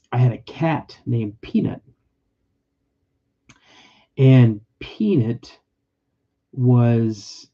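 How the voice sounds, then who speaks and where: A man's voice: mid-range voice, warm tone, lo-fi sound. A man hosting a casual livestream podcast, rambling and emotional, often repeating himself as he tells personal stories. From California. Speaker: podcast host.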